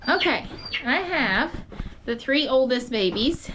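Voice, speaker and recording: Set amid farm noise and clucking chickens, this clip has a female goat farmer explaining goat care in a barn feed room for a casual how-to vlog. Her voice sits high and sounds expressive; she talks slowly in a chatty, rambling manner.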